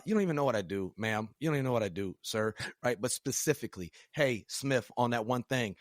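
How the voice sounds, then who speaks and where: A man hosting a podcast, talking emphatically in a casual, rant-like way, jumping between loud and quiet. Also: expressive, brisk, few pauses, no room sound, clean studio sound. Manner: emphatic, rant-like with big swings in pitch and loudness; casual slang. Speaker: podcast host. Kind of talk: motivational podcast conversation.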